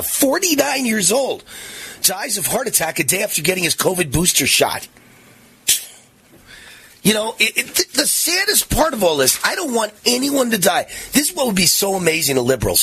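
A man's voice: high-pitched, sharp tone, a little hiss or hum. A man in his sixties hosting a political talk radio show, combative and mocking, his voice rising into sing-song taunts. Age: 60s.

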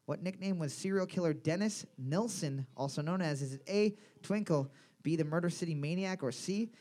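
A young man with a high, bright-sounding voice runs a bar trivia night. He reads questions aloud and cracks crude, playful jokes between them. The sound carries a bit of room from the bar. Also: moderate pace. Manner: playful, crude, jokey asides. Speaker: trivia host. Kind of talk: joking bar trivia hosting.

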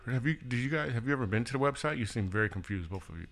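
A comedian and podcast host telling a story and closing with an emphatic, preachy message in an energetic, slangy manner. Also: male voice, medium pitch, rapid-fire.

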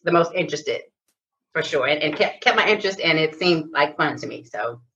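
A middle-aged woman from Detroit, a chiropractor, telling lively stories in a casual interview. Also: low voice, a little fast, a little hiss or hum. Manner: animated storyteller, acts out quoted voices. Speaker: guest, chiropractor. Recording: distant lo-fi sound.

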